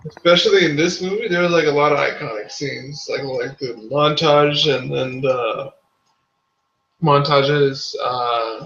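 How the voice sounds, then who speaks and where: A man in casual chat about a movie, talking in a halting, laid-back way. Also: on the high side, fairly bright tone. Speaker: co-reviewer. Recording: roomy, lo-fi, faint noise.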